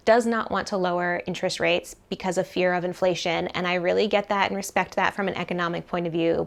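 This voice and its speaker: Woman, vlogger, casual talk to camera, animated, chatty, filler-heavy. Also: medium pitch. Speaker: personal finance vlogger. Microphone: camera mic, leaning toward camera.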